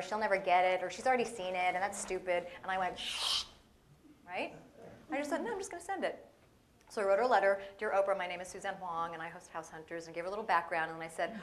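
A woman giving a playful, storytelling guest sermon to a church audience, acting out little voices and dialogue as she goes. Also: on the low side. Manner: animated, playful, acts out voices in stories. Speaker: guest speaker.

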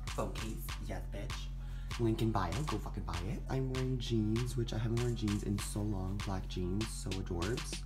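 Brief: sassy young male vlogger, hushed late-night phone-camera chat, music under. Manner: sassy, swears a lot, giggly; speaks low and half-whispered at first. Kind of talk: casual vlog chat. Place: bedroom at home, then car and store.

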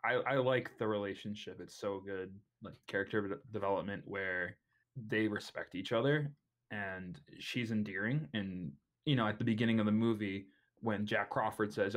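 A young man co-hosting a podcast, chatting casually about a film with halting starts and repeated words. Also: lowish voice. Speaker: podcast co-host.

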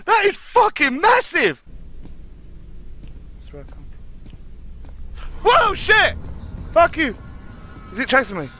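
A man's voice: very high voice, huge pitch swings, slow pace, long pauses, bright, forceful tone, soft background music. A young man streaming a horror game live, swearing constantly and yelping at every scare. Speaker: gaming streamer.

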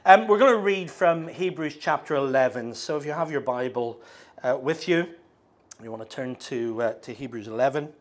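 A middle-aged man with a Northern Irish accent preaching a sermon, speaking slowly and deliberately with frequent ums and restarts. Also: mid-range voice. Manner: slows down, halting with fillers.

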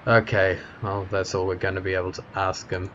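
A man's voice: sits low, little pitch movement, a little fast, muffled recording, noisy background. A man casually commenting on a video game as he plays, reacting and thinking aloud. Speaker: gamer. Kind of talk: let's play commentary. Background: game music.

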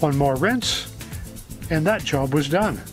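A friendly man talks through a hands-on project in a relaxed, chatty vlog voice. His voice sits a little high, and faint music plays underneath. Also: slow pace. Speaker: vlogger. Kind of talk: casual how-to narration.

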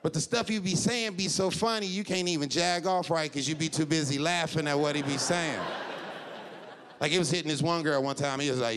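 A man's voice: on the high side, fairly quick, a crowd in the background. A man doing a stand-up comedy set on a club stage, telling loose stories and slipping into quoted voices. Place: comedy club stage before a live audience. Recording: live club with loud audience and room noise.

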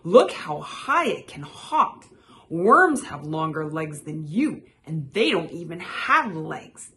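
A woman's voice: low voice, very animated, slow pace, slight background noise, heavily acted. A woman playing a boastful, squabbling frog. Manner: loud squabbling taunts. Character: boastful quick-tempered male frog.

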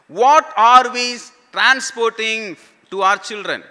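A man's voice: sits high, takes it slowly, pushed and bright. A pastor preaching a sermon to his congregation. He asks questions and repeats key phrases for emphasis. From India. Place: church hall. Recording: church hall with long reverb.

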